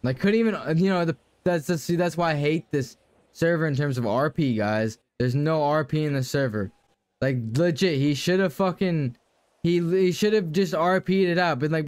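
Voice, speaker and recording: A man's voice: a little high, a little fast, clean tone, dry recording. A young man streaming a game, talking casually to his chat and ranting with lots of swearing.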